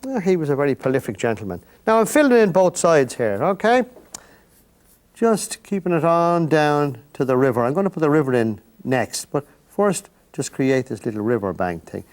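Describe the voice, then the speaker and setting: A man's voice: a little high, very animated, normal speed. An older Irish man hosting a painting lesson, chatting to the viewer in rambling, folksy asides while he works. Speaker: painting instructor and host.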